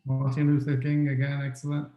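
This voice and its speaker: A man's voice: mid-range voice, monotone, a little fast, roomy sound, lo-fi sound. A man giving an online talk on leadership who keeps asking the audience questions and repeats his key points. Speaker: webinar speaker on leadership. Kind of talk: interactive online lecture.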